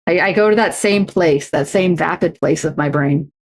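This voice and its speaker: Woman, young adult, streamer, casual chat, slightly low voice, many fillers and restarts. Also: moderate pace. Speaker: streamer and co-host.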